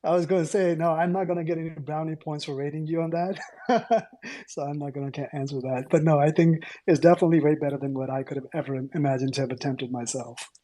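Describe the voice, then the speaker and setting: A man with a somewhat high, mellow voice asks his questions haltingly and fills the gaps with "uh" and "um.". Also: steady tone. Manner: hesitant, many fillers. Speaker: interviewer. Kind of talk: casual conversation.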